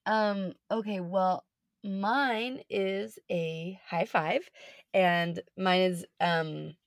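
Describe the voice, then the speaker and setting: A woman co-hosting a podcast in casual chat, a little raspy and rambling in an upbeat way. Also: medium pitch, fairly even intonation, very slow, dry recording, studio quality. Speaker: podcast co-host.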